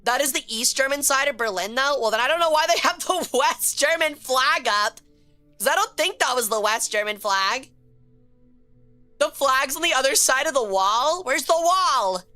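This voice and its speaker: A woman streaming a game with a high, bright voice, talking casually to her viewers. She is excitable and swears freely when a guess goes wrong. Faint music plays under her talk. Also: normal speed.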